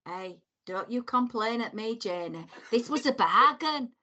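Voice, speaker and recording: A woman co-hosting a chatty podcast, animated and full of exasperated asides. Her voice is bright and fairly high. She swings her pitch widely as she tells a story. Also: a little slow, dull audio. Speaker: podcast co-host. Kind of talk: casual chat.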